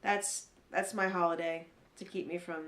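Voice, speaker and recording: A woman with a lowish voice, speaking at normal speed in an echoey room, co-hosts a podcast in casual chat. She's an animated storyteller who acts out the people she quotes.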